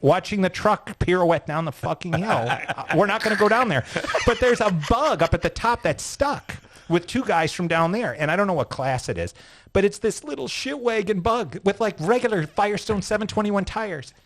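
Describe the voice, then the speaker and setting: Speaking at a moderate pace in a high-pitched voice, a former sports car driver recounts a story during a relaxed interview. He's animated and profane, cursing openly and playing out the lines of the people he quotes.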